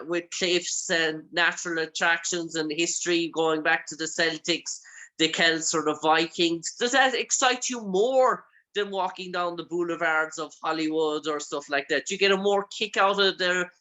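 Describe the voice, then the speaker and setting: A man's voice: a little high, moderate pace, pushed and bright, poor audio. A male radio interviewer with an Irish accent, asking long, effusive questions full of fillers. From Ireland. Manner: effusive, rambling, many fillers.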